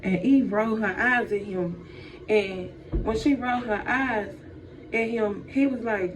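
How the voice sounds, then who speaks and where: A woman with a fairly high voice tells a funny story in loose, slangy chat, talking straight to her listeners as y'all. Her voice sounds muffled and a bit far from the mic. A light hiss sits under it. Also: a little slow. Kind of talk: casual comedic storytelling. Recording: dull, distant, faint noise.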